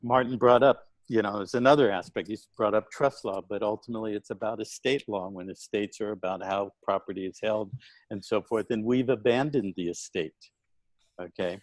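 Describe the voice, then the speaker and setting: Low-voiced man, deliberate guest. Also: no room sound, rough recording. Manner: deliberate, tags points with "okay?". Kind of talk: casual online interview.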